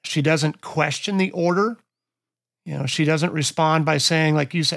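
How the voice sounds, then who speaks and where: A man's voice: on the high side, steady tone, moderate pace, fairly bright tone, no room sound, studio quality. A man co-hosting a Bible study podcast, explaining with small stammers on his first words. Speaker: podcast co-host. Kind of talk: casual Bible study discussion.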